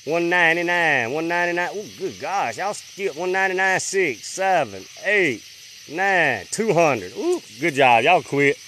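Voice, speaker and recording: A man hosting a late-night livestream from a rural farm on his phone. He rattles off viewers' names in a drawl and drops to a hush when he listens for sounds. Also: fairly high pitch, lively intonation, measured pace, a little hiss or hum. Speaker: livestream host.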